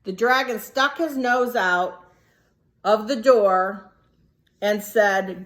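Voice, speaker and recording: A teacher reading a picture book aloud to young children, animated and stopping to ask them questions. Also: female voice, medium pitch, slow, long pauses. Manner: animated, asks the listeners questions.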